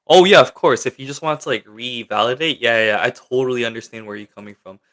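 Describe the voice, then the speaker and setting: In a loose livestream, a young host reads his chat's questions out loud and answers them, rambling along with lots of filler words. He talks fast in a medium-pitched, slightly bright voice.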